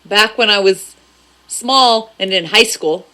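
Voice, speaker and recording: A woman's voice: mid-range voice, slow, sharp tone. A woman on a podcast panel, chatting casually and telling a story with lots of giggles. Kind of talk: casual chat.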